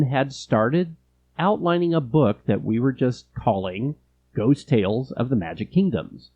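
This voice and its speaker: Middle-aged male podcast co-host, chatty and quick to laugh, with a husky voice. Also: medium pitch, narrow, tinny audio. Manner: chatty, laughs easily, lively storytelling. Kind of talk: casual chat.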